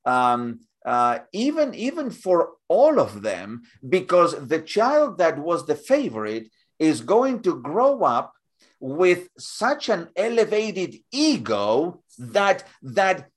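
A man talking as a guest in an interview, halting and repeating words as he builds up examples. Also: fairly high pitch, huge pitch swings. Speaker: guest speaker. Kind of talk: conversational interview.

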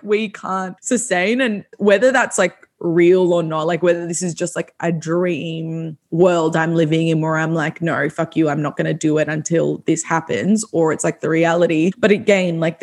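A woman hosting a podcast, talking in a blunt, emphatic way, swearing freely and saying "like" often. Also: fairly low pitch. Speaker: podcast host. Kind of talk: casual chat.

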